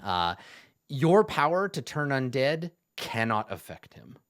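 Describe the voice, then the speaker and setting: A man's voice: mid-range voice, sing-song, takes it slowly, fairly bright tone, no room sound, studio quality. Rambling man running a tabletop game. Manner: rambling, lots of "like" fillers. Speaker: game master.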